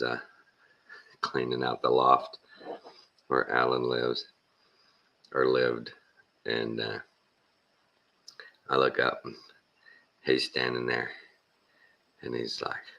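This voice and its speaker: A man's voice: a bass voice, flat delivery, slow, gravelly, pauses often, bright, forceful tone, muffled recording. A man from Texas, rambling through a casual monologue and acting out conversations. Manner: rambling storyteller, acts out conversations. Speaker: vlogger.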